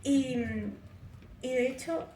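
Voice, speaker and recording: A woman's voice: sits high, fairly even intonation, slow, dark tone. Woman interpreting in an echoey hall. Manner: relaying in first person, self-correcting. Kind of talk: consecutive interpreting at a Q&A. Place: festival event hall. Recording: echoey room, distant mic, faint noise.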